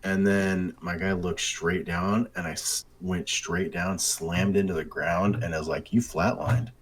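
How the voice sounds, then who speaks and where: A man co-hosting a casual gaming podcast, telling excitable, sweary game stories. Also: sits low, unhurried. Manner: excitable storytelling, heavy swearing. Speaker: podcast co-host.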